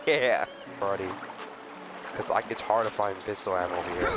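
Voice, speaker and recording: A man's voice: lowish voice, fairly quick, long pauses. A young man giving profane, jumpy commentary while playing a game, shrieking at scares and muttering in between. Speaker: gaming video host. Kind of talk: profane let's-play commentary. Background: background music.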